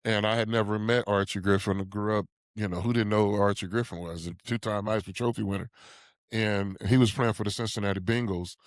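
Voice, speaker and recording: A man's voice: on the low side, fairly quick, no echo, clean studio sound. A man in his sixties from Ohio, a podcast guest telling stories conversationally and chuckling often. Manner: animated storyteller who chuckles often. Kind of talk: conversational storytelling.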